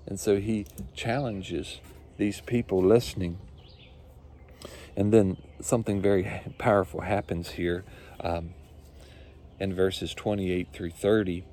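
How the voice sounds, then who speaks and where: A man's voice: low-pitched, fairly even intonation, slow, pauses often, warm tone, a little hiss or hum. A male pastor preaching a sermon, earnest and repetitive, building his points with rising emphasis.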